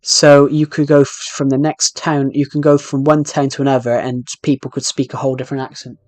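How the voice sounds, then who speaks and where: British guy rambling on a game stream, talks to himself a lot, mid pitch, dry close sound. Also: little pitch movement, brisk, a little mellow, dry recording. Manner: rambling, chatty, talks to himself while playing. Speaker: livestreamer. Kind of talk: casual gameplay livestream chat.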